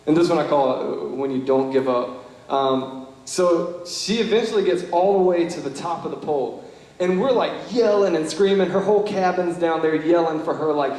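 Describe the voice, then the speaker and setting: Speaking at a banquet as a Young Life leader, a young man tells stories in an earnest, chatty way, filled with "you know" and "like." His darkish voice runs on the high side at a moderate pace. Long reverb from the very echoey, large hall colors the recording.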